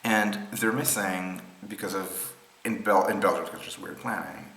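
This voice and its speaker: A man's voice: deep voice, moderate pace, gravelly, a bit bright. A man from Israel presenting rail maps in an unscripted screen-share explainer, thinking aloud with many ums and restarts. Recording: roomy echo with faint ambience.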